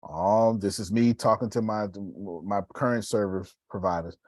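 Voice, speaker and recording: A man giving a casual, preacherly motivational talk on live video, swinging between loud bursts and hushed asides. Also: on the low side, normal speed, dry recording.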